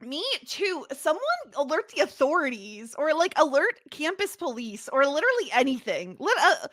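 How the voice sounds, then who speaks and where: A woman's voice: high-pitched, moderate pace, dry recording, clean studio sound. A woman co-hosting a podcast, chatting casually and giggling as she recaps a TV episode. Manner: giggly, animated, laughs often while retelling scenes. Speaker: podcast co-host.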